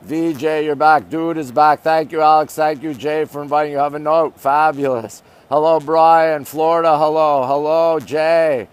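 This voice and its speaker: A man's voice: fairly high pitch, steady tone, normal speed, hardly any pauses, clear, resonant tone. A man from Canada hosting a casual phone livestream outdoors at night, chatting and greeting viewers by name. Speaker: livestream host. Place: outdoors at night overlooking city skyline.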